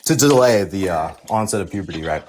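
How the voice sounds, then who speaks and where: A man's voice: low-pitched, lively intonation, fairly quick, slight background noise. A man from Canada, a guest on a live-stream debate, self-assured and defiant, talking over others on an online call.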